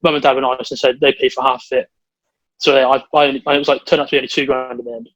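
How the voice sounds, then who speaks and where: Young english guy rambling thru a story, talks super fast, dry muffled sound. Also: medium pitch, dry recording. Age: young adult. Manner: rambling storyteller, quick and excitable. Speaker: podcast co-host. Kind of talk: casual chat.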